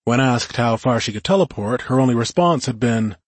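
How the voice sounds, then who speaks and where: Husky-voiced male audiobook narrator. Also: mid-range voice, animated, a little fast, no room sound. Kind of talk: first-person audiobook narration.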